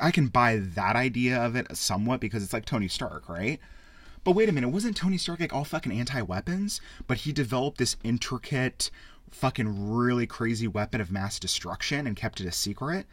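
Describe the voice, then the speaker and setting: A man hosting a casual spoken film review, rambling and excitable, with frequent swearing. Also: medium pitch, normal speed, no echo. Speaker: podcast host reviewing a film.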